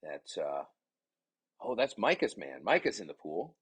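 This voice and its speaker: Man, play-by-play caller, lively swinging pitch, husky low voice, chatty asides. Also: unhurried. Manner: excitable, chatty, rambling asides. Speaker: parent commentator. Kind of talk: play-by-play commentary.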